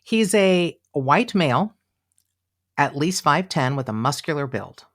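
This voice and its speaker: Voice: medium pitch, measured pace. Chatty true-crime podcast host. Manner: animated, chatty, acts out quotes, many fillers. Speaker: podcast co-host telling a case. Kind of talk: casual true-crime storytelling.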